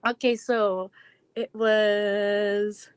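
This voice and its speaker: A woman's voice: mid-range voice, flat delivery, very slow, smooth, no echo. A woman live streaming a casual Q&A, answering chat in a rambling, reflective way with frequent restarts.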